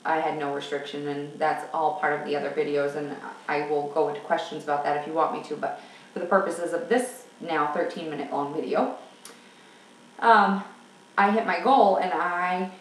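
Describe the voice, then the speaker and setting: A woman talking frankly and at length in a candid personal vlog. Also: low-pitched. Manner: chatty and frank, rambling. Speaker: vlogger. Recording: roomy sound from a distance.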